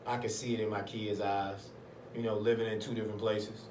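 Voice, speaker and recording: A man telling a personal story in casual talk, animated and acting out other people's voices. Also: on the low side, a little fast, slight background noise. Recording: echoey room, mic at a distance.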